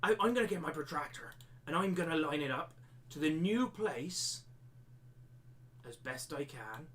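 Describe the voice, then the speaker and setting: A man's voice: high voice, a bit bright. A man teaching a live-streamed maths lesson step by step, slipping into a jokey pirate-like accent. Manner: explains step by step, repeating himself.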